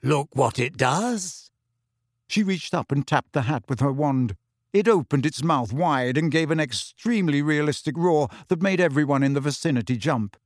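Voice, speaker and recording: Male storybook narrator, measured delivery, dry close sound. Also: a little high, no room sound. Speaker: audiobook narrator. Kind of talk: scripted narration.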